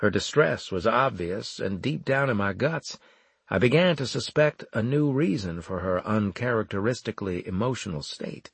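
A man narrating a first-person story in a plain, wry, steady manner. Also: fairly low pitch, moderate pace, creaky, breathy edge, dry recording. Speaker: audiobook narrator.

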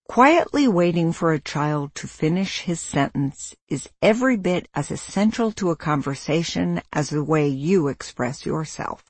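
Audiobook narrator, measured and instructive, unhurried delivery, husky grain, dry close sound. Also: medium pitch, no echo. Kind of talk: scripted nonfiction narration.

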